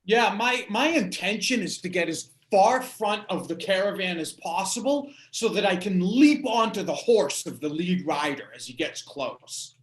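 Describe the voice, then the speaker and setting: A tabletop game player giving short, unhurried answers to the game master. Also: medium pitch, expressive, reverberant. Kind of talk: casual tabletop play.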